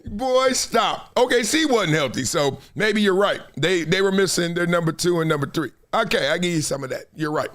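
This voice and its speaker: A middle-aged man hosting a live sports talk show, animated and emphatic, often laughing. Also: a little high, a little fast, hardly any pauses. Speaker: host.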